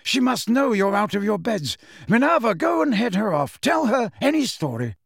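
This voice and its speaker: A commanding elderly wizard headmaster, as a male audiobook reader puts him on, measured and authoritative. The voice sits high and lively in pitch, close and dry. Storybook narration. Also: vocal fry, husky, no room sound, exaggerated voice. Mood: grave, urgent. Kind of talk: audiobook character voice.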